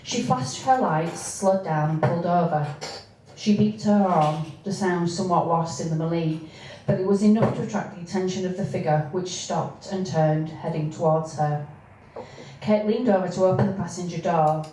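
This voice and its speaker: A woman reading from her own novel, with hesitant spoken asides between steady passages. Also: lowish voice, moderate pace. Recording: echoey room, distant mic, faint noise.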